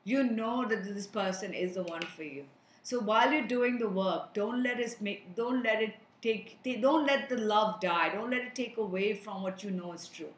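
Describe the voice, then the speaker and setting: A woman speaks earnestly to her viewers, offering spiritual advice in a steady, mid-pitched voice. Her words ring out in a noticeably echoey room. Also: moderate pace, a little hiss or hum. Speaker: energy reader and healer. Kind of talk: spiritual energy reading to viewers.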